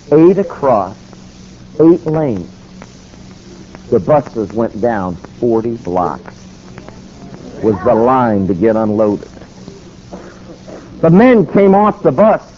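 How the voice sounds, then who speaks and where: High-voiced man telling a dramatic story. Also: dark tone. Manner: dramatic, acts out dialogue with quick voice shifts. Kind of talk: animated sermon storytelling. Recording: dull, slightly lo-fi with faint noise.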